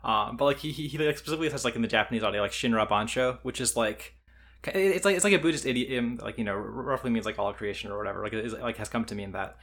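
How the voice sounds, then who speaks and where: A man talking fast and loose in casual podcast chat. His voice sits in a middle pitch, and he rambles with endless "like"s and casual swearing. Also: fairly bright tone. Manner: rambling, heavy use of "like", swears often. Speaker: podcast co-host.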